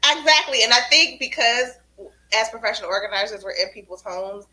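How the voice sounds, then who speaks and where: A woman co-hosting a talk show, chatting casually and with energy, laughing often and acting out quick voices. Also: a little high, expressive, bright, forceful tone, low-quality recording. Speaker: co-host, professional organizer. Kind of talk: casual chat.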